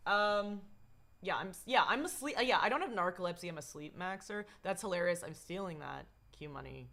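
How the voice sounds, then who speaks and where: A young woman streamer talks straight into her desk mic in a bright, forward voice gone a little hoarse. She rambles, loses her thread and swears offhandedly. She breaks off now and then to greet her chat. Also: fairly low pitch, fairly quick. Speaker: livestreamer. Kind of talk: casual livestream chat.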